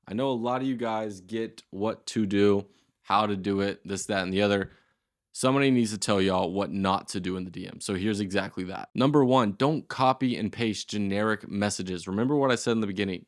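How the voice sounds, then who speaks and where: A man's voice: lowish voice, dry recording, studio quality. A man in his twenties teaching a casual tutorial, talking in a loose, slangy and blunt way. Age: 20s. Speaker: course host.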